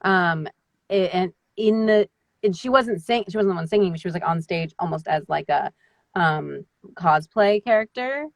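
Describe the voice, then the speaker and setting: A woman with a somewhat low voice chats about her voice-acting work over a video call. She rambles and leans on filler words. The sound is dry and close. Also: moderate pace, gravelly, dry recording. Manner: rambling, chatty, many fillers. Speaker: voice actor guest. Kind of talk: casual live-stream chat.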